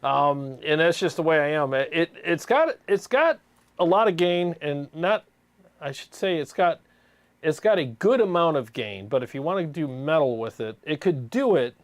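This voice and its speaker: A man's voice: a little high, expressive, normal speed, dry recording. A man hosting a gear livestream, chatting casually and laughing often, calling people "man". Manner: laid-back, laughs often, says "man" a lot.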